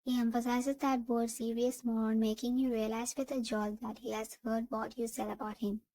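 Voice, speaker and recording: A woman reading second-person fan fiction narration in an even, steady way. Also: a little high, moderate pace, dry recording, low-quality recording.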